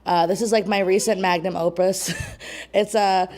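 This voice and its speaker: Young woman poet, out of breath, nervous and chatty, laughing asides, mid pitch. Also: fairly even intonation, measured pace, a little mellow. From New York State. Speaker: poet and co-host. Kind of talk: open mic poetry reading. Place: small community venue.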